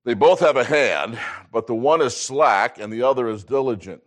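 A man in his sixties teaches a Bible class emphatically, reading scripture aloud and frequently clearing his throat. His voice is medium-pitched and moderately paced.

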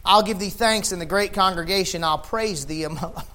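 A tired man preaching a sermon, reading scripture and swinging from loud emphatic peaks to low quiet stretches. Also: moderate pace. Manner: sweaty and laughing at himself between scripture readings. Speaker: pastor.

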